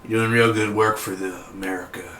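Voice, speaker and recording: A man voicing a gruff, blunt older male government official. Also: lowish voice, little pitch movement, fairly quick, pushed and bright, slight background noise. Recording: roomy echo.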